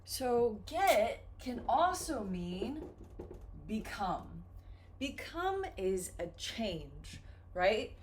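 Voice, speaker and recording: A woman teaching English, explaining patiently with simple examples in a slow, careful lesson. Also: on the high side, big pitch swings, slight background noise.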